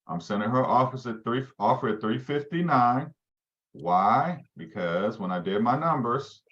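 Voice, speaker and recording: A man's voice: medium pitch, a bit bright, highs cut off. A man leading a live training session for real estate agents, quizzing his listeners as he goes. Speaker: real estate team leader teaching agents.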